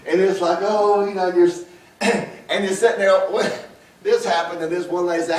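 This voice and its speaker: Pastor preaching in an echoey church. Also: male voice, sits high, fairly even intonation, moderate pace. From Georgia, US. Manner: folksy, storytelling, quoting scripture. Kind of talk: sermon. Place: church sanctuary. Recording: echoey church room, mic at a distance.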